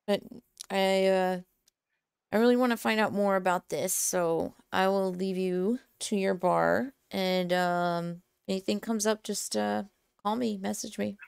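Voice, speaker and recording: A woman's voice: medium pitch, fairly even intonation, unhurried, gravelly, a little mellow, smooth, no room sound, studio quality. A woman playing her character in a tabletop role-playing game, easygoing and with hesitant fillers. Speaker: player.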